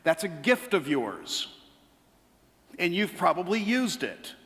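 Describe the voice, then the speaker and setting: A pastor preaching a sermon, telling funny stories and asking the congregation quick asides. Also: male voice, high-pitched, big-room sound. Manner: humorous storytelling, animated asides to congregation. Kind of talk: sermon with anecdotes. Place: church sanctuary.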